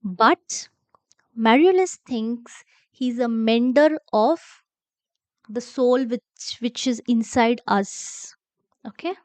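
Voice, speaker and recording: Slow, patient woman teacher. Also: fairly high pitch, no echo. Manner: explains slowly, repeats key words, checks understanding with "okay?". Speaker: English literature teacher. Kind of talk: classroom explanation for exam revision.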